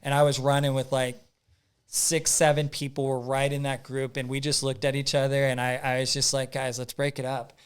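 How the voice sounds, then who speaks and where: A man telling a story as a podcast guest in a casual, animated way, acting out his own thoughts and using lots of fillers. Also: mid-range voice, normal speed, smooth. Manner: frequent "like" fillers and repeats.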